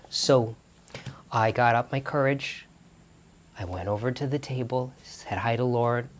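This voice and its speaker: A man's voice: mid-range voice, steady tone, normal speed. A man vlogging in a small barn studio, telling stories casually with lots of restarts and self-corrections. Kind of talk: casual storytelling to camera.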